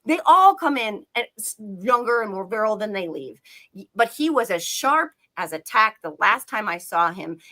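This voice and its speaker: A woman's voice: a little high, pushed and bright. A woman giving a heated, profane political rant on a live talk show, talking emphatically. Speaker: political commentator.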